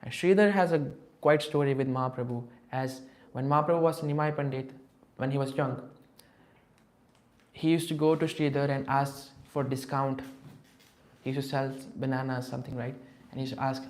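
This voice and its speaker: A man giving a scripture class, telling stories in an animated way and acting out the characters. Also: mid-range voice, moderate pace. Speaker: class speaker.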